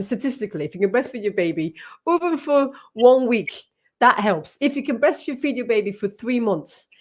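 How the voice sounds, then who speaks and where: A woman in her thirties, a health professional, talking candidly in a live panel discussion and laughing often. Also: mid-range voice.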